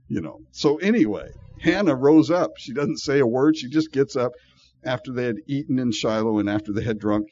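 A man's voice: mid-range voice, animated, normal speed, a little mellow, dry recording, lo-fi sound. A man preaching a sermon in a folksy, conversational way, with asides to the congregation. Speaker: pastor.

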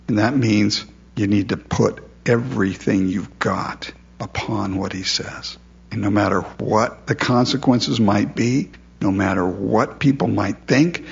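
A pastor preaches conversationally, posing questions to his listeners and repeating words as he goes. His voice is fairly low and gravelly, and the recording sounds muffled.

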